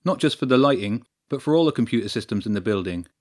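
A man voicing a young, wiry male lighting technician who talks fast and shows off his gear. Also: medium pitch, lively intonation, a little mellow, natural voice. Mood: eager.

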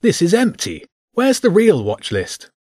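A sharp-witted male inspector and mage from a storybook fires off urgent questions in a high, raised voice, as a man puts him on. The sound is close and dry. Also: huge pitch swings, unhurried, husky, no echo, exaggerated voice.

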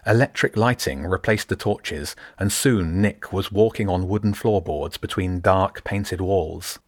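A male narrator with a fairly low voice reads a fantasy audiobook in a measured, descriptive style. The recording is close and dry, with no echo.

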